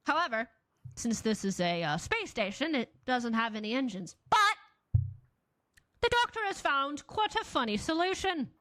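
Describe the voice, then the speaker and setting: A woman hosting a podcast, recapping a TV episode with animated storytelling and frequent laughter. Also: high voice, moderate pace, no echo, studio quality. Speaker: podcast host.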